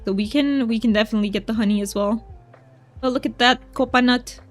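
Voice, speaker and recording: Soft background music accompanies a woman streaming a cozy game, speaking briskly in a fairly high voice. She chats casually and giggly with viewers, reading their messages out loud.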